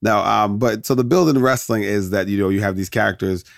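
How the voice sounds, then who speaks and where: A man's voice: lowish voice, steady tone, brisk, creaky, no echo, studio quality. A man hosting a podcast, chatting casually and digressing into jokes, laughing often. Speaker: podcast host. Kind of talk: casual rambling commentary.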